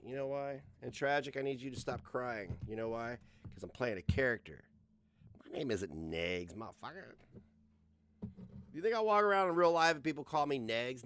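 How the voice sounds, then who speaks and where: A man's voice: medium pitch, expressive, fairly quick, a bit bright. A man livestreaming, ranting in casual, profane talk as he reacts to clips.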